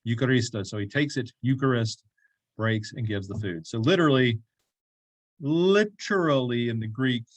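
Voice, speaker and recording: A man's voice: mid-range voice, lively intonation, normal speed, dry recording. A man leading a church bible study group, talking casually, asking the group questions and making joking asides. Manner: conversational, asks the group questions, jokey asides. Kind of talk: casual teaching talk. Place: church classroom.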